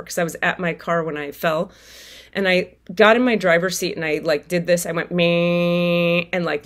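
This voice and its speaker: A woman telling viewers a personal story in a casual, animated way, swearing freely and acting out her own outbursts. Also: lowish voice. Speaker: tarot reader and spiritual vlogger.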